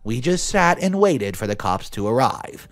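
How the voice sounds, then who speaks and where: A young man narrating a story aloud in a lively, expressive way, over faint music. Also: mid-range voice, normal speed. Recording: dry close voice with faint music.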